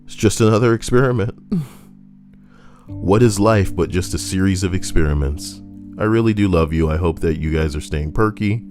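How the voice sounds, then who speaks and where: A young man doing casual, profane commentary that rambles and swings between loud rants and low mutters. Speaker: YouTube commentator.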